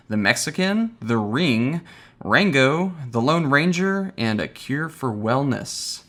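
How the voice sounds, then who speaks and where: A man's voice: medium pitch, a bit bright. A man hosting a movie review podcast, reading a scripted intro and cast list and laughing easily with his co-hosts. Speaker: podcast host.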